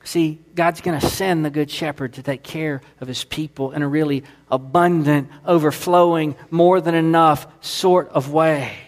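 A man's voice: fairly high pitch, steady tone, normal speed, few pauses. A man preaching a sermon, earnest and building through emphatic repetition. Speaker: pastor.

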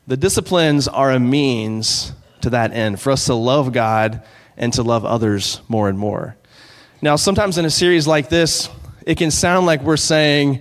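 A man preaching a sermon as pastor, in an earnest, conversational way, slowing down to read scripture. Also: mid-range voice. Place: church sanctuary. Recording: long hall reverb.

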